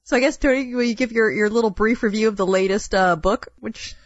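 A woman's voice: fairly high pitch, no room sound, lo-fi sound. Playful woman co-hosting a podcast. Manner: playful, teasing, quick to laugh. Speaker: podcast co-host. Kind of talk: casual chat.

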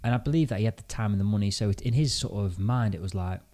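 A man's voice: lowish voice, rapid-fire, a little mellow. A British man, a podcast host, casually telling a story and thinking aloud with restarts. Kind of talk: casual chat.

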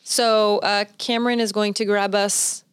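A woman's voice: mid-range voice, level tone, a little slow, smooth, no room sound, studio quality. A young woman co-hosting a casual chat, giggly and steering the talk along. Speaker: co-host.

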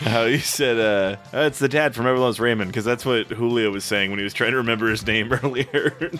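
A man guesting on a podcast, wry and quick to laugh during casual chat. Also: medium pitch, a bit bright, faint music behind.

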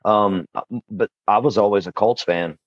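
A man's voice: lowish voice, measured pace, no echo, highs cut off. A man talking casually on a podcast, laid-back, swearing and joking.

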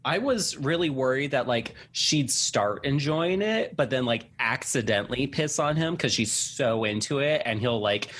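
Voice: medium pitch, expressive, normal speed, hardly any pauses, fairly bright tone. A podcast co-host in casual chat, joking and laughing through the lines.

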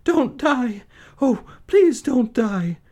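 A man voicing a gentle, loving young woman in a storybook read-aloud, in a high pleading falsetto. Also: expressive, normal speed, natural voice. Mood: sobbing, pleading.

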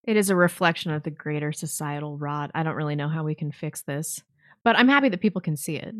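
A woman co-hosting a call-in show, teasing callers with quick interjections. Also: deep voice, no room sound, clean studio sound. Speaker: co-host. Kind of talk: casual chat.

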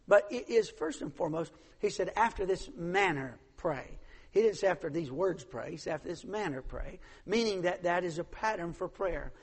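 A man preaching a sermon as pastor, swinging from hushed, pleading lines to loud, fervent calls. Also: a little high, breathy edge. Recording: long hall reverb.

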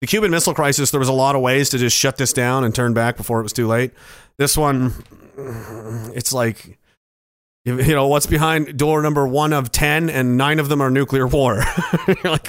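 A man's voice: mid-range voice, normal speed, clean tone, dry recording. A man hosting a livestream, reading viewer comments aloud and rambling with profane jokes. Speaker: livestream host. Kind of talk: casual livestream chat reading.

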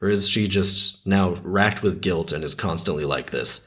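A man hosting a storytelling podcast, reading a dark fairy tale with wry, incredulous asides. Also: low-pitched, moderate pace, hardly any pauses.

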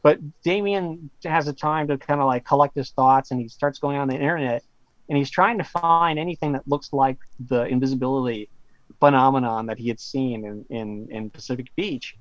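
A man's voice: medium pitch, no room sound. Guy talking casually, lots of asides and fillers, kinda muffled dry audio. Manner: rambling, with fillers and quick asides. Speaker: author guest. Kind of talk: casual conversational storytelling.

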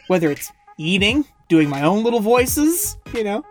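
A woman in her twenties from Indiana co-hosts a casual podcast chat, rambling, laughing often, and putting on silly voices. Her medium-pitched voice swings widely in pitch at a measured pace, with faint music in the background.

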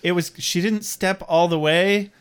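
A man's voice: high voice, steady tone, measured pace, a bit bright, clean tone. A man co-hosting a casual podcast, recapping a TV episode. He tells stories animatedly, laughs often, and acts out what other people said. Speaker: podcast co-host.

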